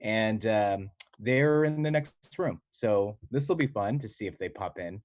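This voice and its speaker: A man, a comedian, chatting casually over a video call in a halting, hesitant way with frequent restarts. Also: fairly low pitch, lively intonation, no room sound. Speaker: stand-up comedian.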